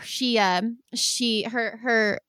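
A woman's voice: a little high, steady tone, drawn-out words, a bit bright, clean tone, dry recording, clean studio sound. A woman narrating a tabletop game as game master, describing scenes in a meandering way with frequent fillers.

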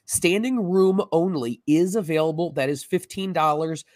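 Excitable, salesy male co-host. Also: a little high, normal speed, no room sound, clean studio sound. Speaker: podcast co-host. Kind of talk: promotional podcast hype.

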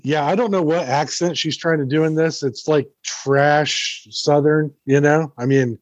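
A man's voice: fairly high pitch, fairly even intonation, unhurried, dry recording, lo-fi sound. A man, a former co-host back as a guest, chatting in an easygoing way and laughing often. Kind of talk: casual chat.

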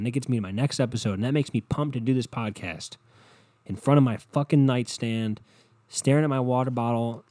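A man's voice: medium pitch, dark tone, no room sound. A young man hosting a solo podcast from his bedroom, rambling and swearing as he builds into impassioned rants. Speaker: podcast host. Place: bedroom at home.

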